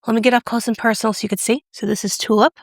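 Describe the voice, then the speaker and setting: A bubbly, excitable woman chatting through a makeup review and demo, gushing over each shade. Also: fairly high pitch, very fast, no room sound, studio quality. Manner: drops to a whisper when excited. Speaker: beauty vlogger. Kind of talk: casual product review and demo.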